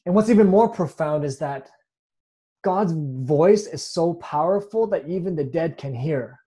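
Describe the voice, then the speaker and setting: A man's voice: on the high side, lively intonation, unhurried, mellow, breathy edge. A man preaching a sermon in an earnest way, often restarting with repeated words. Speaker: pastor.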